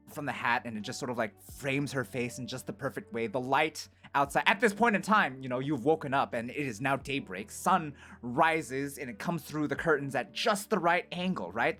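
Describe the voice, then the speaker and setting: A vtuber streamer improvising a rambling story in casual chat, full of filler words and tag questions, swinging between excited and hushed. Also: medium pitch.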